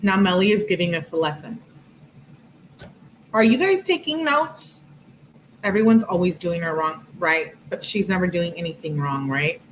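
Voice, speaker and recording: A woman's voice: on the low side, steady tone, brisk, hardly any pauses, a little hiss or hum, rough recording. A woman giving casual true-crime commentary, talking bluntly and candidly to her viewers in slangy asides. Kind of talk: casual commentary reading text messages.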